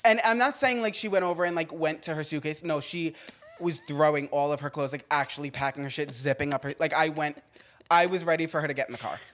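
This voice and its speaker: A young man from Long Island, co-hosting a podcast and telling stories in a lively, animated way. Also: on the high side, quick pace. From Long Island, New York. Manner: animated storyteller, shrieks when acting out scenes. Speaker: podcast co-host. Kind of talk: casual chat.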